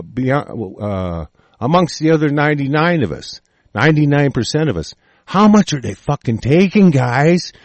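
A man's voice: medium pitch, dry recording. A man delivering a furious, profane solo rant in which he reacts to news items he reads aloud. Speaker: political commentator.

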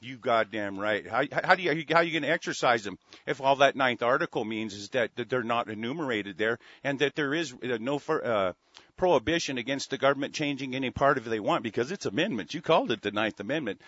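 A man's voice: mid-range voice, fairly quick, a bit bright, no echo. A man hosting a talk radio show, ranting furiously with heavy swearing and many stumbling restarts. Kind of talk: angry call-in radio rant. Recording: dry, dull lo-fi studio sound.

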